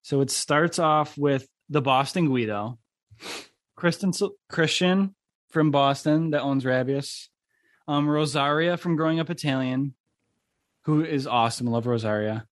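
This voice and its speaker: A man's voice: on the high side, unhurried, dry recording. A young man from near Buffalo, New York, hosting a podcast in a rambling, casual way, full of fillers and swearing. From Buffalo area, New York. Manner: rambling, lots of "like" fillers, profane. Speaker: podcast host. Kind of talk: casual chat.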